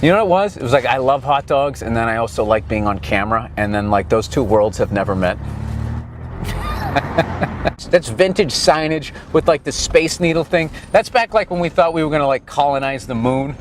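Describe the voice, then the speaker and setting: A man vlogs outside while moving down a city street, delivering a crude, sarcastic, profane comedic ramble as he rides. His voice is medium-pitched and moderately paced, and the rough recording carries slight background noise.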